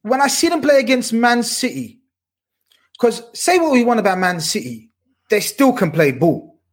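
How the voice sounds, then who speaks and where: Man, high husky voice, football chat host, animated and slangy. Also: moderate pace. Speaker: podcast host.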